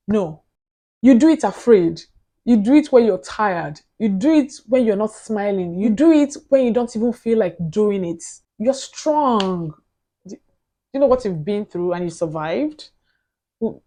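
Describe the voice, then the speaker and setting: A woman talks straight to her camera in a casual motivational vlog. Her voice is mellow and warm. She sounds earnest and animated, and she laughs lightly between her points. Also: mid-range voice. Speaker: motivational vlogger.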